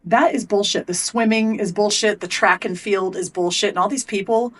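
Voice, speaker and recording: A woman's voice: mid-range voice, moderate pace. A middle-aged woman, an athlete and coach, telling a story bluntly and with lots of swearing as a podcast guest. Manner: blunt and profane, animated retelling. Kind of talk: candid storytelling in a podcast interview.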